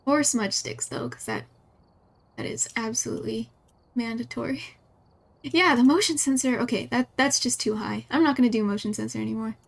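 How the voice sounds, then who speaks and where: Giggly high-voiced woman streamer. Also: expressive, moderate pace, vocal fry. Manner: giggly, chatty, talks to herself. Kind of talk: live gameplay commentary.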